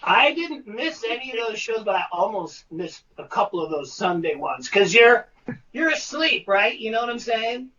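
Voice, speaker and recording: A man, a guest, telling profane, animated stories in casual conversation over a video call. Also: high-pitched, normal speed, far from the mic, muffled recording. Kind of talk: casual storytelling.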